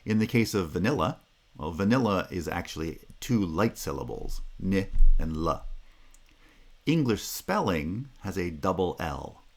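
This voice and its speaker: Very deep-voiced male linguistics lecturer. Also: very animated, moderate pace, vocal fry. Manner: explanatory, frequent "right?" checks and restarts. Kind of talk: recorded phonology lecture.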